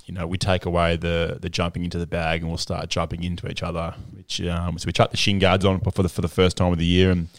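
Man, Australian accent, low voice, casual host chat, rambling, laughing, dry sound. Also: completely flat delivery, fast talker, hardly any pauses, no echo. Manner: laughs through stories, rambling. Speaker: podcast host.

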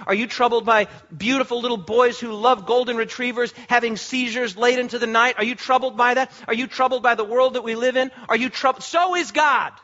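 High bright-voiced male preacher. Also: fairly even intonation, dull audio. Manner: impassioned, slow emphatic preaching with repetition. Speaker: pastor. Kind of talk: sermon.

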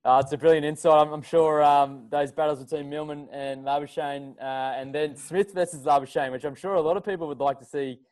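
A man's voice: a little high, steady tone, a little fast, few pauses, darkish tone. An Australian man hosting a podcast, bantering in a matey, jokey way with his guest. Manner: jokey, matey interviewer who laughs often. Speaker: host. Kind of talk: casual chat.

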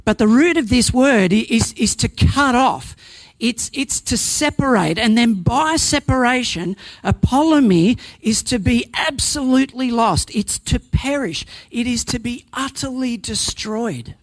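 A man's voice: extremely high pitch, animated, a little slow, dry recording. A man preaching a sermon, earnest and emphatic, building points through repetition and sometimes restarting a phrase.

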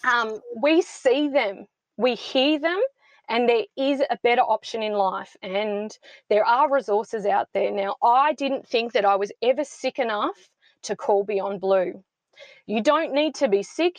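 A woman's voice: medium pitch, no room sound. Passionate woman guest with dry sound. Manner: passionate, emphatic, rallying. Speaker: podcast guest, founder of a mothers' support club. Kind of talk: heartfelt interview talk.

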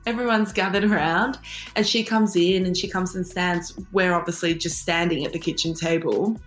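A woman with a lowish voice tells her story as a podcast guest, wry and quick to laugh. Her voice sits in a roomy, echoey space. Faint music plays underneath. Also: fairly even intonation. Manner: wry, laughs often while telling. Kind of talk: storytelling interview.

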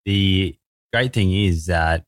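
A man hosts the podcast and keeps the guest going with short, encouraging prompts. His voice is very low, and the recording is dry and close to the mic. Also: slow pace, no room sound. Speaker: podcast host. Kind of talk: casual interview.

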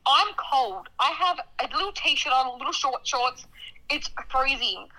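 A young woman telling a story in casual chat, dramatic and animated, acting out what people said. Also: sits high, measured pace, poor audio. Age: young adult. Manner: animated, dramatic storytelling with laughter and acted-out quotes.

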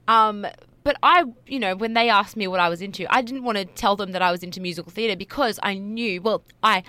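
A young woman co-hosts a casual dating podcast as a dating coach, offering thoughtful advice and acting out awkward moments. Her medium-pitched voice is fairly quick, pushed, and bright, captured in a dry recording.

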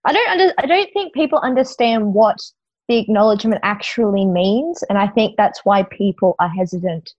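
A woman's voice: mid-range voice, animated, normal speed, darkish tone, no echo. A woman on a podcast, speaking forthrightly and with emphasis in casual chat, now and then swearing. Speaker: professional wrestler guest. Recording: dull lo-fi dry recording.

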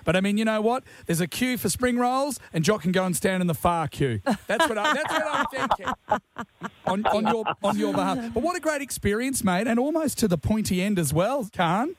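A man's voice: high voice, animated, brisk, dry recording. A man with an Australian accent hosting drive-time radio, teasing his guest and co-host in casual banter. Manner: jokey, teasing, says "mate" a lot.

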